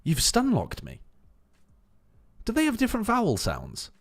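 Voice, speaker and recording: A man's voice: high voice, huge pitch swings, a little slow. An English man streaming a watch party, chatting casually, playful and laughing often as he jokingly argues with his chat.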